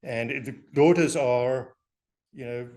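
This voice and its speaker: A man's voice: mid-range voice, a little slow. Chuckling older man with a South African English accent. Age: 60s. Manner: animated, chuckling storyteller. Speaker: alumnus. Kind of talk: casual storytelling interview.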